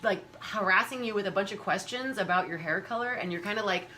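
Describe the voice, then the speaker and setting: A woman's voice: quick pace, a little hiss or hum. A woman hosting a casual chat, talking animatedly and acting out the people she quotes. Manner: animated, acts out quoted people in high voices. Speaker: host.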